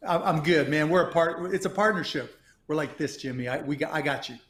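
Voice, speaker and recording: A man's voice: a little high, fairly even intonation, brisk, a bit bright. A middle-aged man talking casually as a guest on a talk show. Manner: casual, laid-back. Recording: roomy echo.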